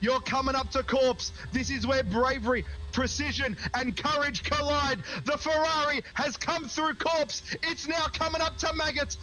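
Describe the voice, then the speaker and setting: A man commentating a sim race lap in a high, bright, cutting voice. He piles on the drama with every corner and turns the call into a hype-filled tribute. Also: steady tone, moderate pace, few pauses, poor audio.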